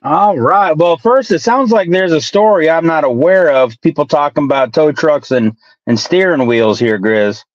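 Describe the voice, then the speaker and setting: A man's voice: fairly high pitch, animated, normal speed, dry recording, lo-fi sound, soft background music. A man hosting a casual online talk show who laughs easily and introduces guests. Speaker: host. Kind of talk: casual chat.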